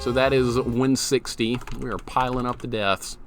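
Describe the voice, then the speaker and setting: Here a man in his thirties keeps a steady tone and moderate pace at medium pitch while streaming a retro game. He chats, laughs and swears casually with viewers, with loud retro game music underneath.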